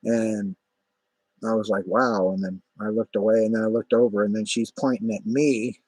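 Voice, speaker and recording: A man's voice: lowish voice, flat delivery, normal speed, warm tone, no room sound, rough recording. A man telling a rambling, profane story in a casual vlog, full of fillers and asides. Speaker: vlogger.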